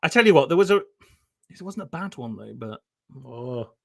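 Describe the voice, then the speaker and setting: Giggly, lively man. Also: mid-range voice, moderate pace, gravelly. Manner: giggly, animated storytelling. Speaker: guest. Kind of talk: casual chat on a live stream.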